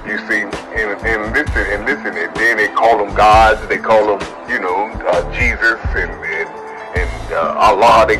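A man's voice: sits high, a bit bright, low-quality recording. A man giving a rambling, profane spoken monologue, preaching and often repeating "you see". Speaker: self-styled spiritual speaker.

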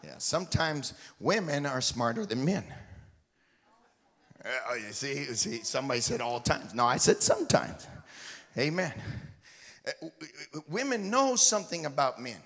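In a church sanctuary, a missionary preaches a sermon, joking with the congregation and having them repeat after him. His mid-range voice swings widely in pitch, sounds a bit bright, and keeps a moderate pace, with the echo of the church hall around it.

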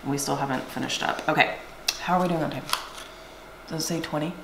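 A woman's voice: low voice, a little fast. A woman who owns a soap shop chats casually on camera, reading scent descriptions aloud and laughing often. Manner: chatty and giggly, reads scent descriptions aloud. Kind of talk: casual on-camera product chat. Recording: roomy echo, faint background noise.

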